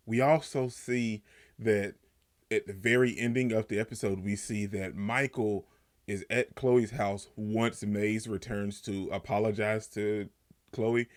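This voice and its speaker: A young man giving a casual video review of a TV episode, talking loosely with slang and getting animated as he retells scenes. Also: medium pitch. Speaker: TV show reviewer.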